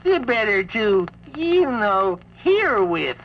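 A woman's voice: medium pitch, big pitch swings, takes it slowly. A woman voicing a sly male wolf putting on a frail old granny voice, with a slangy, drawling, evasive way of wisecracking on a comic storybook record. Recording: dull lo-fi vintage record with faint hiss.

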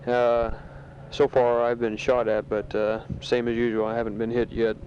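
Man, soldier taping a letter home, monotone, halting, lots of fillers, muffled old tape, faint hiss. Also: medium pitch. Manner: matter-of-fact, halting with many fillers. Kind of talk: casual spoken letter. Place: sandbag bunker in a war zone. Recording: dull lo-fi home tape recording.

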